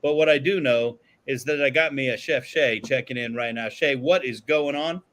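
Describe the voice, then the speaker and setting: A man co-hosting a podcast in casual chat, joking and excitable, swearing freely. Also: mid-range voice, normal speed. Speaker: podcast co-host. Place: podcast studio.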